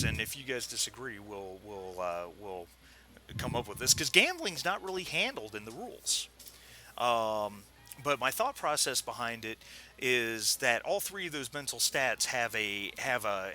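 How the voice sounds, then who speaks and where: Male game master, bright tone, halting delivery with fillers. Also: medium pitch, sing-song. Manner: hesitant, many fillers. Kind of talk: narrating a tabletop game.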